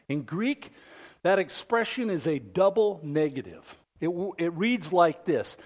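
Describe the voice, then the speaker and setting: A high-pitched man preaching a sermon in a slow, deliberate cadence. He puts questions to his congregation and swings from ringing declarations down to near-whispers for emphasis. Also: animated. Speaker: pastor.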